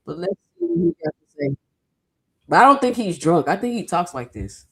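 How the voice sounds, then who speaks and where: A woman hosting a casual boxing commentary vlog, chatty and slangy, her throat a little sore from yelling. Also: on the low side, sing-song, normal speed.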